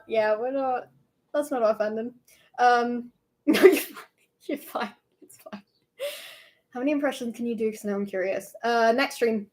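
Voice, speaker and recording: A young woman chatting casually on a live stream, playful and quick to laugh. She talks slowly and easily. Her voice sits slightly high.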